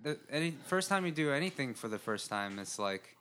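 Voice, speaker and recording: A man chatting casually as a guest, talking haltingly with many restarts. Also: mid-range voice, very animated, a bit bright, clean tone. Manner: halting, restarts often, laughs at himself. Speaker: guest actor and writer. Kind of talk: casual podcast chat.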